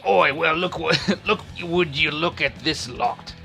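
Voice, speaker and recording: Brash sneering cur boss in a game, gravelly and rowdy, man doing the voice. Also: fairly high pitch, a little slow, sharp tone, soft background music, voice pushed up, heavily acted. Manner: brash, mocking, rough put-on accent. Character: loud sneering male dog gang leader.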